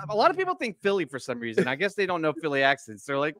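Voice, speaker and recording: A man hosting a casual podcast chat, animated and laughing, talking loosely with lots of fillers. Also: high-pitched, racing, hardly any pauses, dry recording. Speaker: podcast host.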